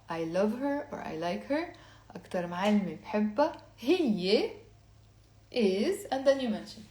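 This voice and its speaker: A woman teaching a language lesson, explaining step by step and repeating words slowly for learners to say along. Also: medium pitch, darkish tone, roomy sound. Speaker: Lebanese Arabic teacher.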